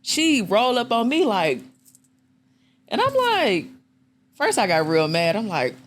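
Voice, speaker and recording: Animated woman podcast host, lively pitch. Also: a little slow. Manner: animated, profane, acts out quotes in a jumping pitch. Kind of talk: casual storytelling chat.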